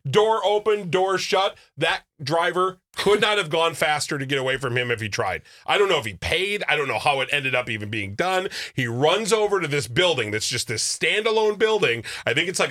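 A man co-hosting a talk show, swapping stories in casual banter, animated and acting out other people's voices. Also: high voice. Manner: animated storyteller who acts out others' voices. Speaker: radio show co-host.

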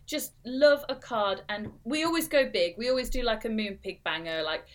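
A woman's voice: on the high side, lively intonation, moderate pace. A woman in her thirties co-hosting a podcast, telling a personal story in casual chat with lots of fillers and restarts. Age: 30s. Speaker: podcast co-host.

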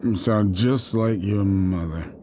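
A man's voice: fairly low pitch, takes it slowly, warm tone, a little hiss or hum. An actor playing a bitter, cruel father who sneers at his children. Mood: sneering. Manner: sneering, then breaking down in sobs. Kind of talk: audio drama acting.

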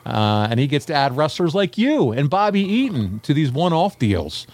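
A man's voice: a little high, sing-song, normal speed, a little mellow, no echo. A man hosting a podcast, reading off names and setting up clips with enthusiasm. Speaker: podcast host. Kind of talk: casual podcast chat.

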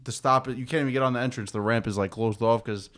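A man telling travel stories in a casual chat, animated and trailing off quietly at the ends of sentences. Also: medium pitch, quick pace.

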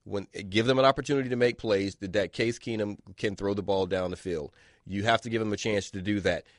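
A man's voice: lowish voice, fairly even intonation, a little fast, dry recording, studio quality. A man co-hosting a sports radio show as a football analyst, talking in an emphatic way and repeating words for stress.

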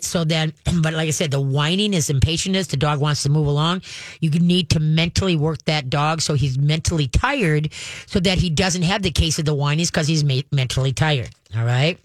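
A woman hosting a call-in pet radio show, telling stories and giving dog training advice in an animated, chatty way. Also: low voice, normal speed, no echo. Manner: animated, chatty storytelling with acted-out voices.

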